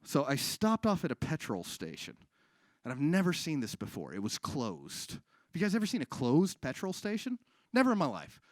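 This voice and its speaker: A man doing stand-up on a live stage, with deadpan delivery and frequent crowd work. His pitch moves a lot, rising and dropping within each bit. The sound is dry and close. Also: moderate pace, no room sound. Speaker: stand-up comedian. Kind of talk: stand-up comedy set.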